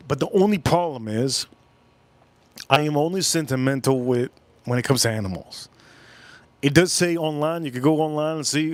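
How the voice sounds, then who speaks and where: A man's voice: a little high, lively intonation, moderate pace, dry recording. A man hosting a live stream, chatting loosely to his viewers and repeating phrases as he talks. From South Florida. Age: adult, older than in his youth. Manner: rambling, talks straight to chat, repeats himself. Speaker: livestream host. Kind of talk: casual live-stream chat.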